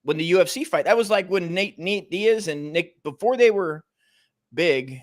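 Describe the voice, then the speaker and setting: An American man co-hosting a comedy podcast, his voice sitting a little high. He rambles through casual chat, curses freely and often trails off before finishing a thought. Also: expressive, moderate pace. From United States. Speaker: co-host.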